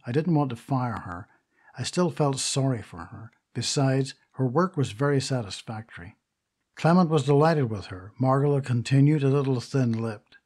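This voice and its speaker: A man reading the part of a vain, indignant stage actress in an audiobook, telling her tale in a gossipy, confiding way with a husky voice. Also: medium pitch, darkish tone, lightly acted. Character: vain grand stage actress, middle-aged woman.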